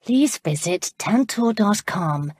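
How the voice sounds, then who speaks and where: A woman narrating an audiobook in a measured, expressive reading on a close studio mic. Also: medium pitch, breathy edge, no room sound. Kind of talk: scripted narration.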